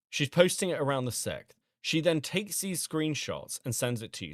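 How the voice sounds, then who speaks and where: A man's voice: mid-range voice, dry recording, clean studio sound. A man hosting a drama channel stream, reacting to comments in a heated, profane rant.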